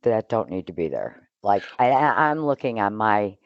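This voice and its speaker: A man hosting a podcast in a casual political discussion, speaking in a measured, considered way with some hesitations. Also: fairly low pitch, big pitch swings, no echo. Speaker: podcast host. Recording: dry, dull lo-fi sound.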